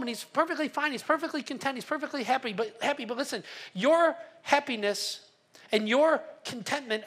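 A pastor preaching a sermon at a church service, telling a story with animated energy, acting out voices and stumbling into quick restarts. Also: mid-range voice, husky.

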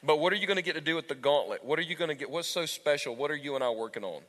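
A man in his thirties preaching a sermon to his congregation on a church stage, animated and talking straight to the crowd. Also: a little high, rapid-fire. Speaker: pastor. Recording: echoey hall with long reverb.

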